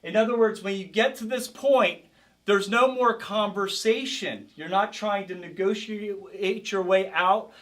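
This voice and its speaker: A man's voice: high-pitched, unhurried, a bit bright. A man teaching a self-defense class as karate instructor, coaching a group with energy and calling out drills. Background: group of participants.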